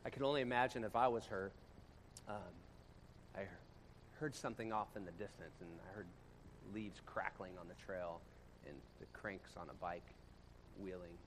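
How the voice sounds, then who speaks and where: A male pastor giving a casual storytelling sermon to a congregation, talking conversationally and swinging from loud bursts to quiet, low passages. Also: steady tone, moderate pace, pauses often, noisy background. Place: church room with a congregation.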